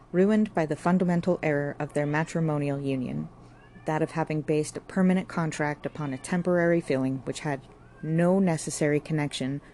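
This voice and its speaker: A woman narrating a classic novel as an audiobook, reading in a measured, steady way. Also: deep voice, a little hiss or hum.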